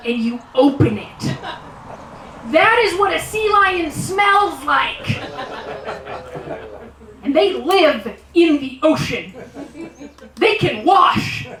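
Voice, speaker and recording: A high-pitched woman working a live crowd as a stand-up comic. She takes her time, leans into exaggeration and breaks into loud animal imitations. The sound is roomy and echoey and comes from far off the mic in a small venue. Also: lively intonation, slow, long pauses. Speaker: stand-up comedian and emcee.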